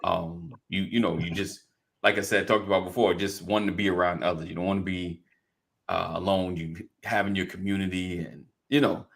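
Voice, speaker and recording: Gravelly, bright-toned man in casual chat. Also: deep voice, fairly even intonation, a little fast. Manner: laughs often, agreeing backchannels. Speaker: co-host.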